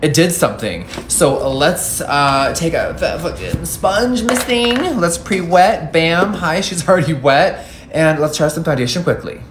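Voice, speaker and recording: Sassy, campy man with a lively voice. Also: a little high, unhurried, music in the background. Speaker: makeup reviewer. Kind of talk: casual makeup review vlog.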